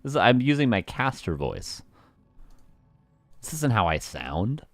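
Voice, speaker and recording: A man's voice: medium pitch, sing-song, measured pace, slight background noise. A man with a West Coast Canadian accent casting a live strategy game match, joking with chat and laughing often between calls. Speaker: esports caster.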